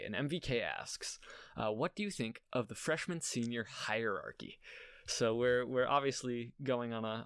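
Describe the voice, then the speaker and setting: A man's voice: medium pitch, fairly bright tone, clean tone, dry recording, studio quality. A young man hosting a solo podcast, talking earnestly in a rambling way and laughing at himself now and then. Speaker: podcast host. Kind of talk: casual solo podcast talk.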